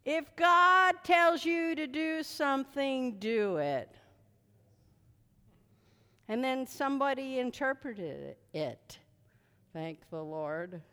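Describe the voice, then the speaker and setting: A woman preaches a sermon with a high voice that leaps around her range. She is bright and unhurried, shouting at times and chatting through stories at others. Her voice rings out in a hall with a long echo. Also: clean tone. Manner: animated, shouting commands at spirits, then chatty storytelling with asides. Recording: reverberant hall.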